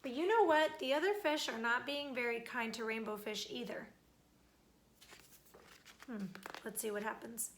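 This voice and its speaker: A young adult woman reading a children's picture book aloud, talking directly to young listeners with lively warmth. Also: fairly high pitch, normal speed, pauses often. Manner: warm, animated, talks to kids directly.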